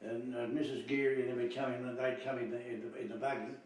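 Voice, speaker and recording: An older Australian man recalling family stories, halting and repeating himself, laughing often. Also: mid-range voice, steady tone, darkish tone. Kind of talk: casual reminiscing. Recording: distant mic in echoey room, faint hiss.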